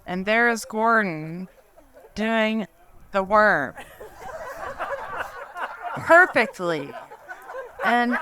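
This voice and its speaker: A woman giving a eulogy at a memorial, telling a personal story in a halting, emotional way and laughing through it. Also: medium pitch, background noise. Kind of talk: memorial speech, personal anecdote. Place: memorial gathering.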